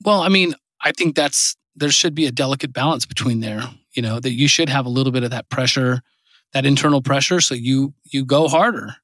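Man, medium pitch, earnest podcast host, lots of fillers, dry close mic. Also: a little fast, a bit bright, no echo. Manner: earnest, encouraging, filler-heavy. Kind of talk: casual chat.

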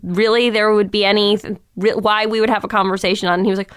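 Chatty young woman, lively storyteller. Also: mid-range voice, fast, clear, resonant tone, no room sound, studio quality. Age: young adult. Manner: chatty, heavy use of "like"; animated, quotes others in changed voices. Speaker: podcast guest. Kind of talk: casual chat.

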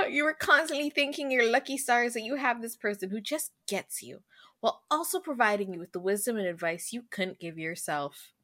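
A woman's voice: a little high, animated, normal speed, pushed and bright. A woman co-hosting a casual podcast chat, talking about friendship, reading lines from an article and laughing often. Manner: chatty, reads article text aloud, laughs a lot. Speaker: podcast co-host.

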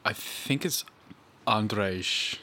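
A woman's voice: extremely low pitch, very slow, pushed and bright. A woman co-hosting a podcast who mostly listens, chiming in with short casual reactions and comments. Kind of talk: casual chat.

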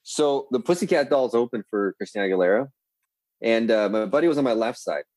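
A man's voice: mid-range voice, animated, fairly quick, darkish tone, no room sound, rough recording. A man in his thirties telling rambling, profane stories in a casual chat, often correcting himself. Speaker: guest.

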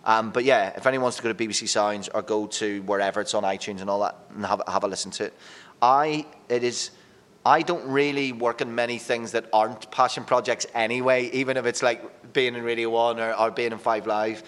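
A man's voice: medium pitch, a little fast. Radio guy rambling on a podcast, swears a lot, echoey reverb on the voice. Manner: lively, rambling storyteller who swears casually. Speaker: radio presenter and podcast guest. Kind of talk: casual chat.

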